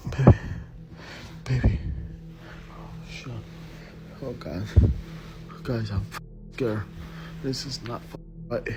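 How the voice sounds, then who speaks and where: A man filming himself on a phone at home at night, talking in a hushed, shaky voice and swearing under his breath. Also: fairly low pitch. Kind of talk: scared handheld night vlog. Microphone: phone camera. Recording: noisy phone video recording.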